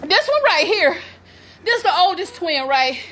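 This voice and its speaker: Woman, 40s, home vlogger. Bright, lively, animated delivery with loud exclamations. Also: very high voice, unhurried. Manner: excitable, loud exclamations, laughing and cursing. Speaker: vlogger and mother. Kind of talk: casual vlog. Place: at home, indoors.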